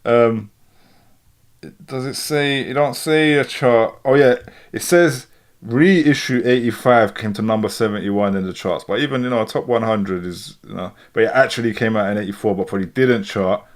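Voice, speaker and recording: A man in his thirties with a London accent, hosting a casual live stream, reacting to a song and reading out viewer comments in a relaxed, rambling way. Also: medium pitch, normal speed. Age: 30s. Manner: relaxed, rambling, keeps saying "do you know what I'm saying". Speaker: livestream host.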